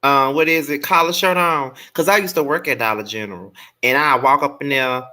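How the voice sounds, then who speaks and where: A man with a Houston accent hosting a casual chat, telling animated stories and jumping high when he quotes people. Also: fairly quick, hardly any pauses. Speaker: host.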